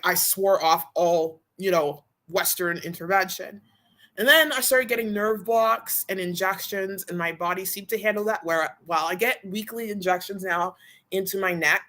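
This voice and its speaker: A woman's voice: medium pitch, fairly bright tone. A young adult woman chatting casually on a live stream, rambling and candid, still a bit out of breath. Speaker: vlogger.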